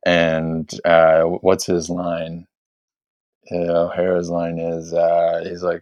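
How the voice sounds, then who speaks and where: A man's voice: low voice, completely flat delivery, slow, a little mellow, dry recording, lo-fi sound. A man hosting a podcast, chatting casually and a bit ramblingly about a film, with many fillers. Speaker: podcast host.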